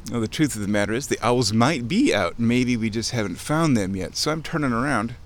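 A chatty, playful man talks his way along a creek outdoors, recorded on a camera he carries as he walks. His voice sits at an ordinary middle pitch. Faint outdoor ambience hums behind him. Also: animated, fairly quick, a little hiss or hum. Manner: playful and chatty, mimics sounds, chuckles often. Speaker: nature vlogger. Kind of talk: casual walking narration.

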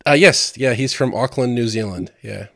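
A man's voice: mid-range voice, normal speed, vocal fry, a bit bright. A man from Maryland in casual chat, rambling and often repeating words as he thinks. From Maryland, USA.

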